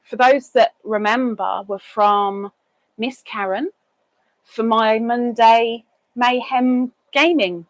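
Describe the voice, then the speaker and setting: A woman's voice: fairly high pitch, fairly even intonation, takes it slowly, no echo, poor audio. A woman hosting a casual live stream, chatting and reading viewer comments aloud, with sing-song greetings for each newcomer.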